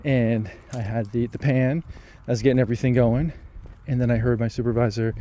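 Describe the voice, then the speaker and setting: Mellow, reflective man telling a story. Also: medium pitch, fairly even intonation. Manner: reflective and hesitant, many pauses and restarts. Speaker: vlogger. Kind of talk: casual personal storytelling.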